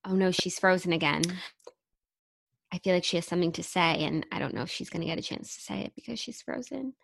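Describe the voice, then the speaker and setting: A woman's voice: on the low side, lively intonation, fast, creaky. A woman co-hosting a podcast over a video call, chatting in a playful, casual way. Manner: playful, breaks into a silly rap. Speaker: podcast co-host. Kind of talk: casual chat.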